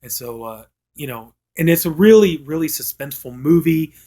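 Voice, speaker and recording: A man's voice: a little high, lively intonation, normal speed, warm tone. Rambling man reviewing a film. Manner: rambling, heavy use of "you know" fillers; acts out quoted lines from the film.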